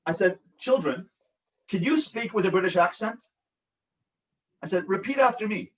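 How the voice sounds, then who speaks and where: A high-voiced older man teaches a support group over a video call, animated and storytelling. He acts out the voices of the people in his anecdotes. The mic sits a little away from him. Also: normal speed, long pauses, recorded from a distance, rough recording. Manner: animated storytelling with acted-out quotes. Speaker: rabbi and relationship coach. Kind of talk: online support group talk.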